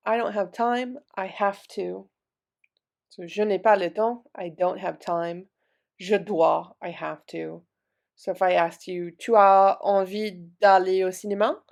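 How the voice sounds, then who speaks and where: Slow, gravelly-voiced woman teaching French. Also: medium pitch, a little mellow. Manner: slow, patient drilling with repeated words. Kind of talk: vocabulary lesson, repeating words then translating.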